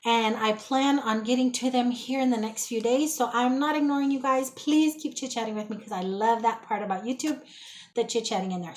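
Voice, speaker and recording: A woman's voice: on the high side, low-quality recording. A woman with a young son chatting to her viewers about a thrift haul at her home table, folksy and talkative, saying y'all. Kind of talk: casual chat to viewers.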